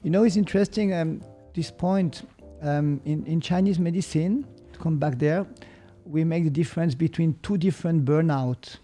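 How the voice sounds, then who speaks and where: A man with a Swiss German accent, a podcast guest who explains calmly and hesitantly and sometimes searches for English words. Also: on the high side, moderate pace, faint music behind. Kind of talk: reflective podcast conversation.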